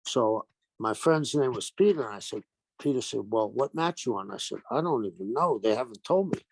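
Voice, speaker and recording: An older man, a retired pro wrestler, telling animated stories in an interview and acting out the quotes. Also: mid-range voice, a little fast, gravelly, breathy edge, no room sound. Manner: animated anecdotes with acted-out quotes. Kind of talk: storytelling interview.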